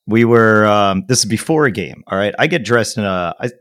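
Podcast host, man, very low voice that swings a lot, sarcastic, dry close sound. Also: normal speed, no room sound. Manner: animated, swearing, sarcastic storyteller. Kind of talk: casual podcast chat.

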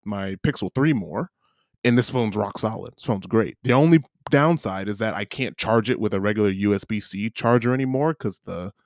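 A man's voice: fairly low pitch, normal speed, no echo, clean studio sound. A man chatting casually as a podcast co-host, telling a story with animation and acting out both sides of an argument. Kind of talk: casual chat. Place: living abroad.

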